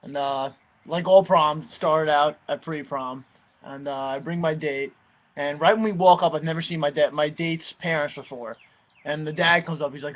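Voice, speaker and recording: A young man casually telling a personal story, animated and swearing freely, mimicking the people he quotes. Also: a little high, moderate pace. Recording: dull lo-fi recording.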